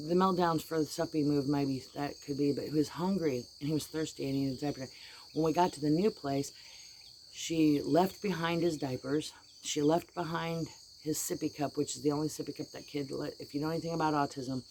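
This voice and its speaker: A middle-aged woman vents to her viewers in a low, husky-toned register, blunt and heated. She tells it folksy and plain. Faint crickets and insects chirp in the background. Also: a little mellow, slight background noise. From United States. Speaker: vlogger. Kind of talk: casual venting vlog.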